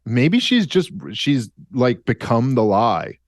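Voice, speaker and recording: A man chats as a guest, joking in a dry way while he reasons out loud. His voice sits at a middle pitch with a close, dead sound. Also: sing-song, slow pace, no echo. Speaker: podcast host and guest. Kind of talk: casual chat.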